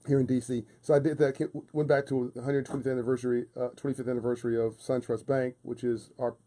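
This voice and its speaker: A man's voice: mid-range voice, level tone, quick pace, warm tone. A man talking as a guest on a radio show, passionate and emphatic with a preaching cadence, repeating phrases for force. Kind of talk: casual radio interview talk. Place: radio studio.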